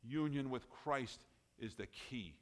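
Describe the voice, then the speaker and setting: A man preaching a sermon, emphatic, often rising in loudness and then dropping low. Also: slow pace.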